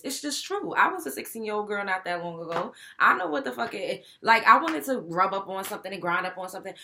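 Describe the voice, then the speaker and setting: Blunt bright-voiced young woman. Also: medium pitch, a little hiss or hum. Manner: blunt, profane, animated, mimics others. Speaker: show host. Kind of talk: opinionated commentary.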